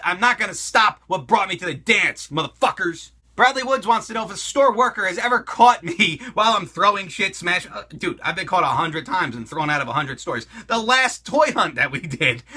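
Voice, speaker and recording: A loud, foul-mouthed middle-aged man answers viewer questions in a comedic monologue. His voice sits high for a man and swings up and down a lot. The tone is very bright and cutting. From United States. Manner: loud, crude and swearing, with laughs.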